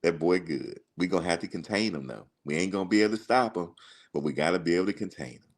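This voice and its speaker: A man's voice: low-pitched, expressive, fast. A man putting on the voice of an older male Southern football coach, with a rural Southern drawl and folksy, clipped country grammar. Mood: assured.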